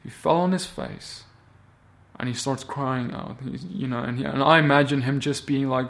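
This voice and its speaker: A man's voice: medium pitch, fairly even intonation, normal speed, vocal fry, fairly bright tone. A man teaching a Torah portion in a sermon, talking animatedly and often acting out the biblical figures' words in character. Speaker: Bible teacher.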